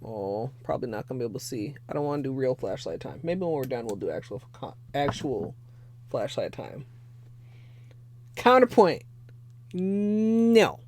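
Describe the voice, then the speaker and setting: A woman's voice: extremely low pitch, animated, a little fast, dark tone, a little hiss or hum. A young woman casually chatting on a livestream while painting her nails, swearing freely and laughing often. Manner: chatty and profane, laughs often, thanks viewers. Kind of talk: casual livestream chat while doing a manicure.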